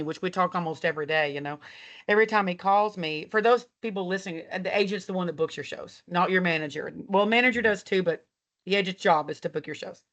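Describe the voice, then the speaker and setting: A woman with a lowish, fairly bright voice, a country singer from Texas, chats through an interview on a laptop video call while moving around her house. She tells stories casually, laughs, swears, and performs bits of dialogue.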